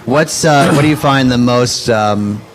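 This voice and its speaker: A man's voice: medium pitch, measured pace, background noise. A man asking a question as interviewer, hesitant and searching for his words.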